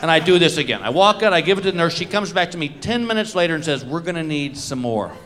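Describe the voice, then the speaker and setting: A man with a high, very lively voice tells a comic story on stage, swinging his delivery up and down between setups and punchlines. He is miked in a live club recording, with the noise of the audience clearly heard behind him. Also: rapid-fire. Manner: storytelling with punchlines, brief acted quotes. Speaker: stand-up comedian. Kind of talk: stand-up comedy routine.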